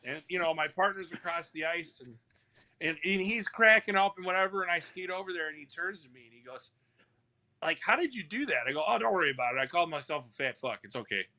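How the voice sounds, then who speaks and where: A man's voice: on the high side, expressive, quick pace, sharp tone. A man who works as a hockey referee, telling a story in casual chat with lots of fillers and restarts. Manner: rambling, full of "you know" fillers and restarts. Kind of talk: casual storytelling on a live talk show.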